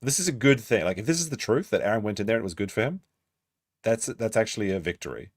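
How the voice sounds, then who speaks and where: A man's voice: on the low side, expressive, quick pace, no room sound, studio quality. A man hosting a stream and reacting to a clip, blunt and swearing freely in long asides. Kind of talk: casual reaction commentary.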